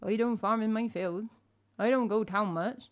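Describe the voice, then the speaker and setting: A woman's voice: medium pitch, steady tone, moderate pace, clear, resonant tone, close to an everyday voice. Woman putting on an old Cornish farmer's drawl. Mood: content.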